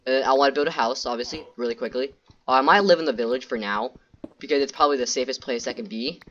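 A man's voice: mid-range voice, quick pace, fairly bright tone, lo-fi sound. A man doing gameplay commentary who rambles nervously, repeats himself and keeps talking to his viewers. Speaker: gaming YouTuber.

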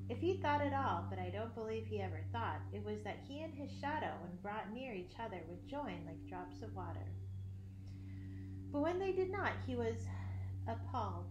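A woman reading a children's classic aloud, expressive, with occasional slips and throat clearing. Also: mid-range voice, noisy background. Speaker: audiobook reader. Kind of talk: storybook narration. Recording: roomy echo.

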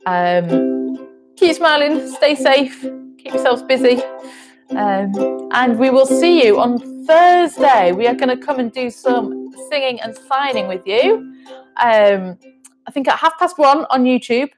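A woman leading a gentle sensory music session at home, soothing and encouraging with frequent ums. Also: high voice, expressive, unhurried.

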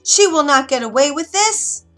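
A woman's voice: high voice, expressive, normal speed, soft background music, pitched above the performer's own voice. A woman voicing a vain, furious queen who demands and screams in a storybook reading. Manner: loud, demanding, shrieking. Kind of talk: storybook narration.

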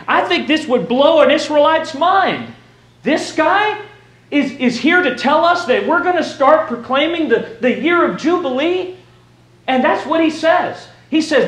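A man preaching a sermon to his congregation, animated and rising to shouts for emphasis. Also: very high-pitched, moderate pace. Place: church sanctuary. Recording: roomy church sound.

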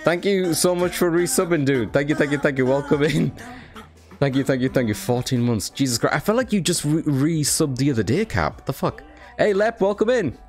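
A young British man with a slightly high voice talks a little fast on his live stream, with faint music in the background. He's chatty, reads chat aloud, thanks viewers, and throws in the odd swear word.

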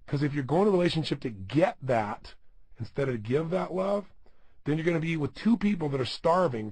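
Motivational speaker, man, middle-aged: husky, gravelly, emphatic, peppers the listener with questions. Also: a little high, a little mellow, no room sound. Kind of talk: self-help audio program talk.

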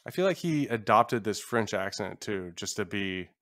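A man's voice: on the low side, lively intonation, moderate pace, fairly bright tone. A man co-hosting a podcast, chatting casually and joking as he rambles through a reality show. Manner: joking, rambling, slips into mock voices. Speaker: podcast co-host. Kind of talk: casual comedic chat.

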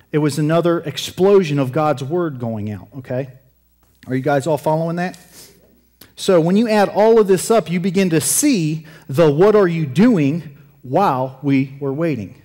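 A man's voice: a little high, animated, normal speed, a little mellow, big-room sound. Casual joking male preacher. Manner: conversational, self-correcting, joking with the congregation. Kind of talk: sermon. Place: church.

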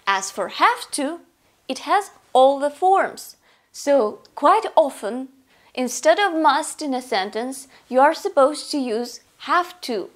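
A woman teaching an English grammar lesson, explaining slowly and clearly with examples. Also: sits high. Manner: slow, clear, deliberate explanation.

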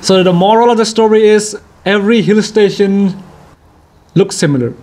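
A young man with an Indian accent, giving playful, excitable commentary over his own racing game and bursting into shouts and jokes. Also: high voice, moderate pace. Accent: Indian English. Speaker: gaming YouTuber. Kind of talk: let's-play racing commentary.

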